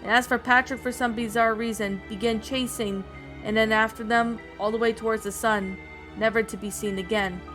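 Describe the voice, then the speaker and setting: A woman narrating a creepypasta-style story, reading aloud with frequent stumbles and restarts. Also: medium pitch. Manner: reads with frequent slips and restarts. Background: faint background music.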